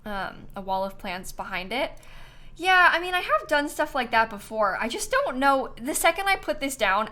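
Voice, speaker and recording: A woman's voice: high-pitched, big pitch swings, normal speed, sharp tone, slight background noise. A young woman streaming a game, thinking aloud in casual chat, hesitant and full of ums.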